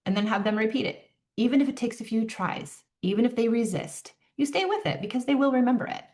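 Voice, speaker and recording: A middle-aged woman coaching parents in an earnest way, acting out calm lines for them to say to their children. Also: on the high side, brisk, few pauses. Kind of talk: parenting advice talk.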